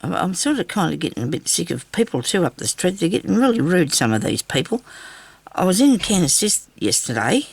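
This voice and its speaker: A woman's voice: lowish voice, big pitch swings, a little fast, slightly rough, no room sound. An Australian woman chatting in a casual, rambling way while she crafts and tells stories. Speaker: craft vlogger.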